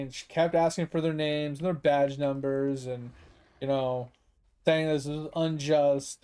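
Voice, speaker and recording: A man's voice: a little high, warm tone, clear, resonant tone. A man ranting casually about a news clip while playing a game, swearing often and exasperated, with many fillers. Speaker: gaming streamer. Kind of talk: casual rant while gaming.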